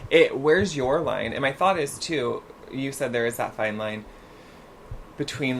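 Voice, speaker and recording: A man co-hosting a casual podcast chat, reacting in an animated, emphatic way. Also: mid-range voice, unhurried, slight background noise. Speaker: podcast co-host.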